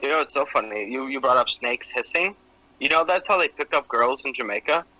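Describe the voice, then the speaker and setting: A man's voice: mid-range voice, brisk, bright, forceful tone, no echo, lo-fi sound. A man in his twenties, co-hosting a podcast over a video call, joking crudely. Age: 20s. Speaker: podcast co-host. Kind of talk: casual chat.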